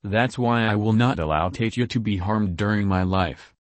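A man voicing a serene elderly male saint who speaks calmly and gently in a storytelling reading. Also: on the low side, dry recording, lightly acted. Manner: calm, gentle, unhurried speech.

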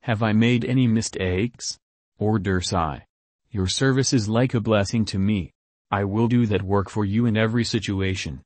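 A man's voice: on the low side, steady tone, moderate pace, darkish tone, no room sound, close to an everyday voice. A man voicing a humble, devoted male disciple who pleads earnestly in a storytelling reading.

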